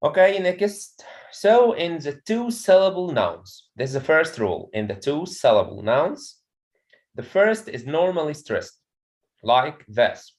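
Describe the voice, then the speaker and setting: A man with an Egyptian accent leads an English pronunciation class in a classroom. He speaks slowly and deliberately in a slightly raised pitch. He peppers his explanations with "okay" and stops to ask whether everyone follows. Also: big pitch swings, poor audio. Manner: repeats "okay" often, checks students understand. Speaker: English teacher.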